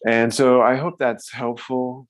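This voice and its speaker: A man leading a guided breathing meditation, speaking slowly and calmly with pauses. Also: mid-range voice. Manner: slow, calm guidance with pauses. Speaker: breathwork teacher. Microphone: own microphone, touched while moving.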